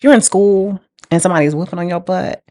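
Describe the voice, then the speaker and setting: A woman's voice: lowish voice, fast talker, dark tone, dry recording. A young woman telling her life story in a casual, emphatic way, repeating phrases for weight. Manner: casual, emphatic, repeats phrases, laughs through hard memories. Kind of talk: candid personal storytelling.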